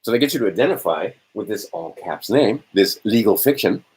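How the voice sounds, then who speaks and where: Brief: man giving a casual lecture, low and husky, rhetorical, halting with fillers. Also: lively intonation, darkish tone, poor audio. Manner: rhetorical, keeps checking in with "right?"; answers his own questions, halting with fillers. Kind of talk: informal lecture to a small audience.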